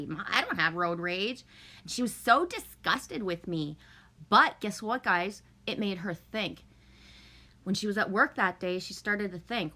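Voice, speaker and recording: A woman's voice: mid-range voice, lively intonation, normal speed, pushed and bright. A middle-aged woman from Canada chatting casually on a livestream, chipper and profane, laughing often and greeting viewers by name. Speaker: livestream host.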